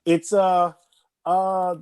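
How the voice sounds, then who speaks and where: A man's voice: sits high, completely flat delivery, very slow, a little mellow, smooth, no room sound. A man co-hosting a casual podcast, rambling with restarts and the occasional chuckle. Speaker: podcast co-host.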